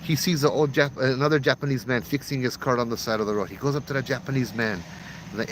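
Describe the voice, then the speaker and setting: A man's voice: mid-range voice, quick pace, slight background noise. A man casually telling ghost stories as host, chatty and using local slang. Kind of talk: casual storytelling.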